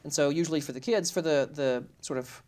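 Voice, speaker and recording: A man's voice: on the high side, brisk, a little mellow. Hesitant man explaining family customs. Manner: hesitant, many ums and restarts. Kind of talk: casual conversational explanation.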